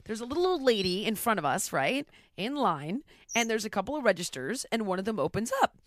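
Woman, mid-pitch, blunt and lively anecdote-teller, swears freely, dry studio sound. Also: brisk, no room sound. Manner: blunt, profane, animated storyteller. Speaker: podcast host answering rapid questions. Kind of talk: casual conversational interview.

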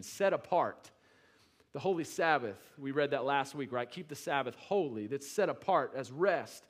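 Male pastor, slightly high voice, preaching conversationally, swells to emphatic peaks, then drops low. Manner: conversational with restarts and asides. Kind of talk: sermon.

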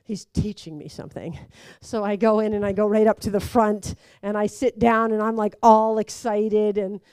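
A woman's voice: mid-range voice, normal speed, clean tone, no echo. A young woman animatedly telling a personal story, acting out voices and laughing along. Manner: lively, acts out quoted voices, laughs through it.

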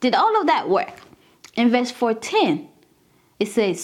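A woman with a high voice that swoops widely up and down teaches scripture in a casual, chatty style. She's a little slow and pauses often, keeps calling her listeners "guys," and dramatizes Bible scenes by acting out the quotes.

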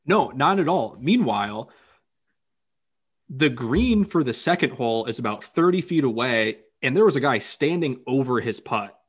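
A man's voice: medium pitch, animated, normal speed, slightly rough. A man in casual chat as a podcast co-host, teasing and giving advice.

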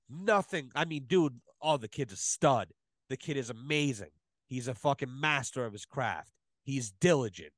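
Podcast guest, male, slightly high voice, dry close sound, swears constantly and tells stories with emphasis. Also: no room sound. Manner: profane, emphatic storytelling. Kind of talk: casual podcast chat.

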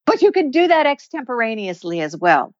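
Measured woman speech coach, dry sound. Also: a little high, big pitch swings, darkish tone, no echo, muffled recording. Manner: measured, explanatory, slows for emphasis. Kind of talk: podcast interview.

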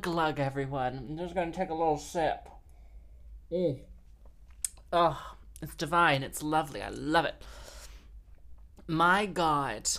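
Low-voiced tipsy woman rambling comically. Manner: chatty, self-mocking, rambling with fillers. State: slightly tipsy. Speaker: podcast host and musician. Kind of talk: casual comedic monologue.

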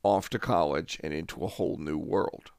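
A man's voice: deep voice, normal speed, vocal fry, a little mellow, dry recording, studio quality. A man in his forties from upstate New York, frankly narrating a true story from his own youth with wry asides. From Albany, New York. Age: 40s.

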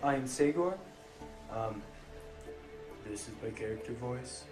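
A man's voice: medium pitch, expressive, measured pace, close to an everyday voice. A man voicing a huge male tribal warrior who carries a giant sword, in a tabletop game role-play. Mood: gruff. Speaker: player. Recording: echoey room, guitar music behind.

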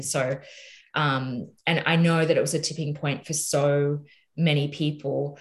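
A woman's voice: low voice, little pitch movement, unhurried. A woman with an Australian accent co-hosting a podcast interview, chatty and enthusiastic, with fillers and restarts. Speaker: podcast co-host.

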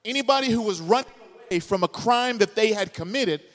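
A pastor preaching a sermon to a live congregation, firing off rhetorical questions and building up to shouts. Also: male voice, sits high, animated, brisk, long reverb tail. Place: church sanctuary, live congregation.

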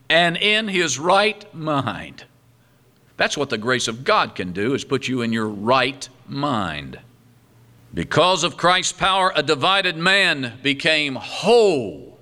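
A man preaching a sermon, reading scripture aloud and adding humorous asides. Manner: animated preaching with wide swings in pitch and loudness. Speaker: pastor.

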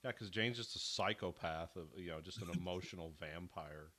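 A man's voice: low-pitched, normal speed, pushed and bright. A man co-hosting a casual chat about a TV episode, rambling and acting out characters' lines. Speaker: podcast co-host.

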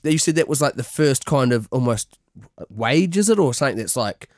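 A New Zealand man hosting a podcast, telling animated, sweary stories in casual chat. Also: medium pitch, normal speed, dry recording, studio quality. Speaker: podcast host.

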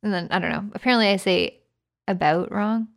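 A woman's voice: mid-range voice, fast talker, vocal fry. Canadian woman, podcast co-host, breezy and joking. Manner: chatty, playful, slips into joking accent impressions. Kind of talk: casual chat.

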